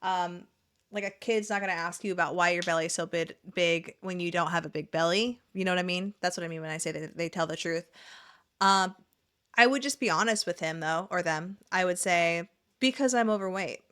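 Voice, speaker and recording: A woman's voice: lowish voice, fairly even intonation, brisk, fairly bright tone. A woman hosting a casual reaction video, talking in a blunt, sarcastic, chatty way.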